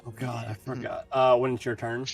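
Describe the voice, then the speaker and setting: A man's voice: medium pitch, little pitch movement, a little fast, distant mic, music in the background. A man acting as dungeon master, making casual rulings with restarts. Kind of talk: running a tabletop game.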